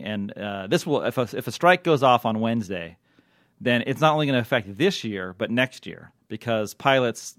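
A man at a middle pitch chats on a podcast about television, stopping and restarting often and filling gaps with "uh". His voice is close and dry, with no room sound. He talks easily. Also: no room sound. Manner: chatty, many fillers and restarts. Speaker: podcast co-host, TV critic. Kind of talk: casual podcast chat.

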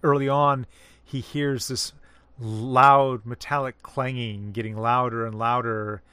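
A man in a casual literary discussion, explaining at a measured, careful pace and pausing to find his words. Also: medium pitch, little pitch movement, sharp tone, clear, resonant tone, no room sound. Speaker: discussion co-host.

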